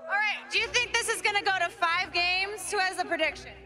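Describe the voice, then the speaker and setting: A woman roams a packed arena as a crowd reporter, her voice pitched very high and bubbly as she hypes up the fans. The crowd roars loudly around her handheld mic, and music plays underneath. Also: brisk. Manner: bubbly, hype-building. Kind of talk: live crowd interviews. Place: large arena among the crowd.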